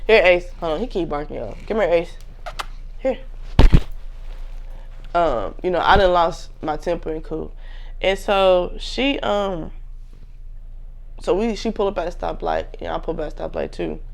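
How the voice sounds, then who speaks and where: A woman's voice: on the low side, unhurried, gravelly, pauses often. A young woman in her twenties casually telling a personal story to viewers, candid and full of slang.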